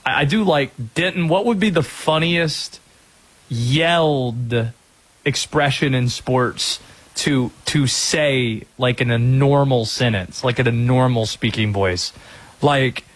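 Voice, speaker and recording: A man's voice: medium pitch, slightly rough. A man hosting a call-in sports radio show, upbeat and joking with callers. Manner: upbeat, joking, quick asides.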